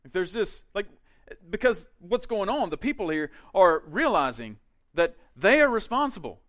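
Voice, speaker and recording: A male pastor preaching a sermon in a conversational way, with quick asides and emphatic peaks. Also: high-pitched, big pitch swings, a bit bright.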